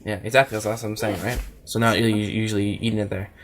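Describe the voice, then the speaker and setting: A young man co-hosting a casual podcast, excitable and joking, laughing a lot. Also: lowish voice, quick pace, a little hiss or hum. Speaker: podcast co-host. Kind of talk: casual chat.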